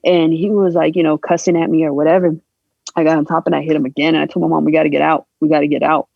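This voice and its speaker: Woman on a podcast telling a rough story, emotional, voices the people in it, dry kinda muffled audio. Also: low voice, level tone, no room sound. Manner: emotional, halting, acts out quoted voices. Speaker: podcast guest. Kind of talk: candid personal storytelling. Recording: dull lo-fi sound.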